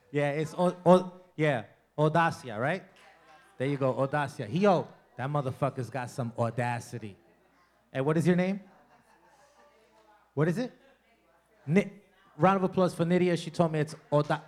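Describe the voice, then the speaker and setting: A man doing a stand-up comedy set in a club, loud and profane, working the crowd and mocking people with impressions. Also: a little high, lively intonation, unhurried, long pauses.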